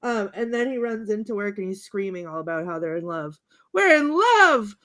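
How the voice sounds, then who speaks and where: A woman's voice: medium pitch, little pitch movement, brisk. A woman co-hosting a podcast, chatting casually and laughing often as she recounts quotes, sometimes acting them out in playful voices. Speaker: podcast co-host. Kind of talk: casual chat recounting favorite movie quotes.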